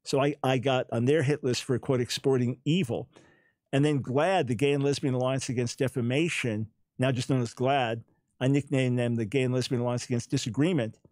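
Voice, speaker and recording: A man's voice: mid-range voice, steady tone, a little fast, a little mellow, no room sound. A man hosting a talk show, speaking in an emphatic, incredulous monologue and often repeating words as he makes his points. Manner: speaks with a smile, not taking it personally.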